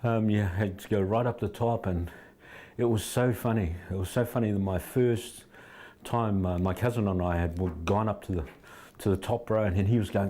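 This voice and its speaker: A man's voice: fairly low pitch, steady tone, normal speed, warm tone. A middle-aged man, telling rambling anecdotes with many restarts as an interview guest. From New Zealand. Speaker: fight trainer, interview guest. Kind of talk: casual interview storytelling.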